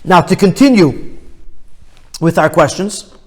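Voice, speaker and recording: High-voiced rabbi teaching in a reverberant room. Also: male voice, animated, slow pace, breathy edge. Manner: reads Hebrew phrases then explains in English, with restarts. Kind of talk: text study lesson.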